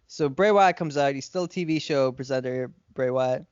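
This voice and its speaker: A man's voice: mid-range voice, moderate pace, clean tone, no room sound. A man co-hosting a podcast, casually retelling an imagined storyline with lots of fillers and swearing. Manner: rambling, filler-heavy, profane retelling. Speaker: podcast co-host. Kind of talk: casual fantasy-booking storytelling. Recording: dry, slightly dull lo-fi sound.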